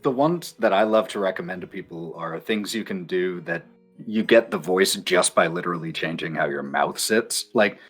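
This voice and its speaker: Animated low-voiced game master. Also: male voice, normal speed, slightly rough, soft background music. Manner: animated, explains by demonstrating. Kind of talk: casual chat.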